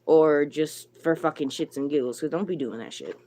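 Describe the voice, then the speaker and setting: Woman streamer with a lowish voice, blunt and irritated, heavy swearing, addresses chat directly. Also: normal speed, mellow, slight background noise. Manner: talks to chat viewers by name. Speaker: livestreamer. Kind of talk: live stream chat rant.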